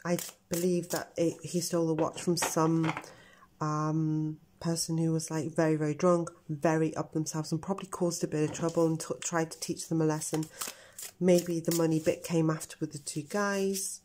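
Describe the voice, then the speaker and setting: A woman's voice: sits low, background noise. A middle-aged woman giving a tarot reading to her viewers, talking earnestly and speculating about what she senses. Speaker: tarot reader.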